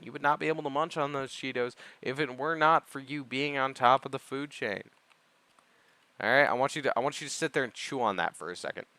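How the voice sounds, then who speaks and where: A young adult man talks through his gameplay in a loose, digressive way, often mocking himself. His voice is smooth and clear, with a mid pitch. The sound is dry and close, with no room around it. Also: bright, forceful tone, no room sound. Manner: rambling, digressive, self-mocking. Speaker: gaming video creator. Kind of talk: casual gameplay commentary.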